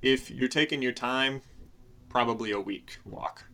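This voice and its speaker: Man game master, bright voice, relaxed narration, tabletop game. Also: mid-range voice, a little slow.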